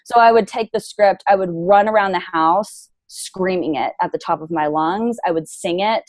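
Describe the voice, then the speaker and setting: Frank, low-voiced woman guest. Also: normal speed, dry recording. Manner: frank and lively, plays devil's advocate. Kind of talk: casual interview chat.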